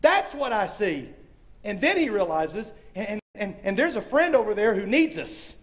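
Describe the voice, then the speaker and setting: A man preaching a sermon to a live audience, animated and acting out voices, swinging from loud to hushed. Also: high-pitched, moderate pace. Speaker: speaker. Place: university chapel or hall with audience.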